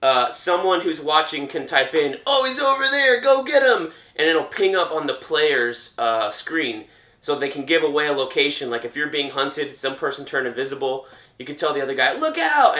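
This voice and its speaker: A man's voice: medium pitch, steady tone, a little fast, sharp tone. A young man giving a chatty, jokey reaction to gaming news, often trailing off and restarting. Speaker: gaming commentator. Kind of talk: casual reaction commentary. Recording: roomy echo.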